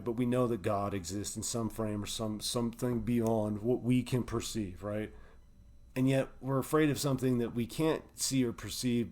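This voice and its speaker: A man's voice: mid-range voice, darkish tone. A man hosting a live stream, talking in an impassioned, preachy way. He swears freely, keeps asking "right?", and sounds like he is speaking from the heart. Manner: preachy and emotional, swears often, repeats "right?". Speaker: host of a live online show.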